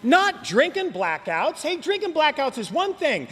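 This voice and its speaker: A man's voice: extremely high pitch, big pitch swings, a little slow, fairly bright tone. Man, recovery meeting speaker, joking slangy storytelling, meeting hall, long reverb. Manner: joking, slangy, talks straight to the audience.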